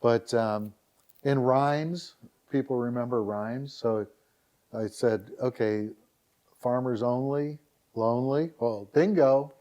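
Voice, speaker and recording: Taking his time, a dating site founder with a medium-pitched voice chats as a guest on a podcast. He tells stories casually and brings quotes to life in an animated, raised voice.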